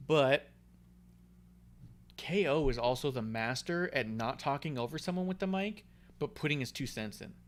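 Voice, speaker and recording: Male co-host, casual and animated, salty language, quotes others as he goes. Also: mid-range voice, normal speed, long pauses. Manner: excitable, swears, acts out quotes. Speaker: podcast co-host. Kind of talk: casual wrestling chat.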